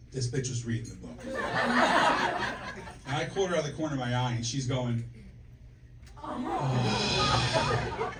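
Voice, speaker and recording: A medium-pitched man in his forties works a comedy club stage with a brash, profane set of punchy stories. The sound is very noisy, distant and echoey, and the audience can be heard laughing.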